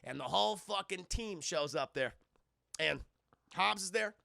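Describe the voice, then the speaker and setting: Male streamer, heavy vocal fry, slightly high voice, animated, swears a lot, casual recap for chat. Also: unhurried, no echo, clean studio sound. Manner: animated and profane, acts out lines in funny voices. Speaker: streamer reviewing a film with chat. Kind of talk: casual scene-by-scene spoiler recap.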